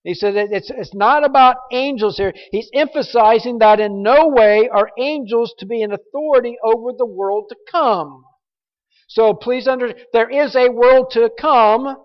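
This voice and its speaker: A man's voice: very high voice, normal speed. A man preaching a verse-by-verse sermon, emphatic and prone to repeating words as he stresses a point. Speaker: pastor. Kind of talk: expository sermon. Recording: muffled recording in a reverberant hall.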